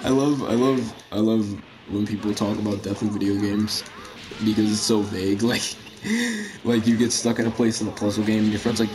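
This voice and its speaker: A man's voice: fairly low pitch, fairly even intonation, fairly quick. A young man giving casual gameplay commentary, rambling, swearing and freestyle rapping as he plays. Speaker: gaming channel host. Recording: noticeable background noise.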